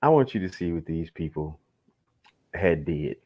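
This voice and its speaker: Hombre joven, voz muy grave, conductor de charla en vivo, relajado y malhablado. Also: male voice, low voice, animated, normal speed, mellow, highs cut off. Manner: laid-back, swears freely, laughs often. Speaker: host. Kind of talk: casual livestream chat.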